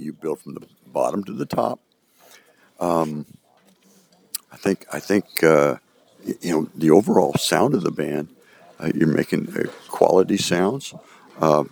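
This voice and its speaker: A man giving a band feedback on their playing, singing and scatting the phrases he means, halting with repeated words and fillers. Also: low-pitched, creaky. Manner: sings and scats the phrases he describes. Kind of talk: rehearsal critique with sung examples. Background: band music playing.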